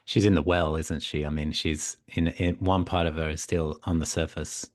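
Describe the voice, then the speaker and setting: Deep-voiced man telling a myth. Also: moderate pace, no echo, studio quality. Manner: reflective, animated retelling with many fillers. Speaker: guest, psychotherapist and mythologist. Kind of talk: conversational storytelling.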